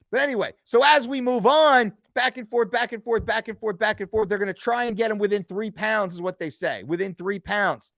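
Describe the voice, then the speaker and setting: A man's voice: high voice, creaky, fairly bright tone, no echo. A middle-aged man casually telling a heated backstage story, swearing and repeating phrases for emphasis. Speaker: nutrition coach telling a story.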